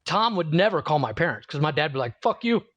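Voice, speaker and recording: A man co-hosting a podcast in casual chat, swearing freely, laughing often and telling lively stories. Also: fairly high pitch, fast, dry recording, dull audio. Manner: swears freely, laughs a lot, animated storytelling. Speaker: podcast co-host.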